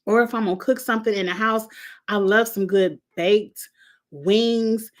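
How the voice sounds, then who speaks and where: A woman's voice: mid-range voice, moderate pace. A middle-aged woman recapping a reality show in casual chat, blunt and sassy, laughing at her own jokes.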